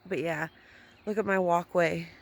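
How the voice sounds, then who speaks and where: Out in her front yard, a woman films a casual, chatty gardening vlog on a handheld phone, swearing at times when annoyed. Her voice is on the low side, a little slow, with fairly even intonation.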